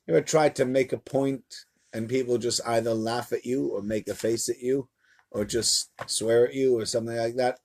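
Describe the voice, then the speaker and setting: Through a camera mic, a rabbi's mid-range voice carries a live-streamed Torah lesson at normal speed. He speaks to a small roomful of listeners with lively, conversational storytelling.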